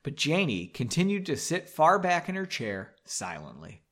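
A man's voice: fairly high pitch, wildly swooping pitch, normal speed, a bit bright, breathy edge. A man hosting a comedy show, reading a melodramatic story aloud and breaking off for sarcastic asides, recorded in a basement studio. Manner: sarcastic, mocking asides, drinking while reading.

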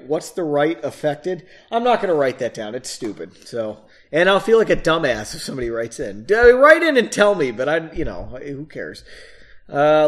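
A man reading a story aloud and breaking off for casual, self-mocking asides. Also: fairly high pitch. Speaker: reader of his own novel.

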